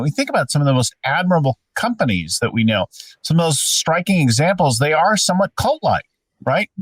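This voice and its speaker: A man telling workplace examples in a lively conversational way and asking the group questions. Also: mid-range voice, dry recording, recorded from a distance, low-quality recording. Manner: animated storyteller, asks questions. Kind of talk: conversational leadership talk.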